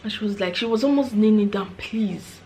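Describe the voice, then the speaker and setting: Woman, Nigerian accent, casual vlog storytelling, frank, chatty, animated. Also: mid-range voice, quick pace, a little hiss or hum. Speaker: vlogger, former care assistant.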